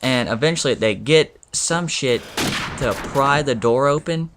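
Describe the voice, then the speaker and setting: Loud video game gunfire makes for a noisy backdrop as a gaming video storyteller rambles through a casual tale, heavy on fillers and profanity. His voice sits in the mid range, and he talks a little slowly.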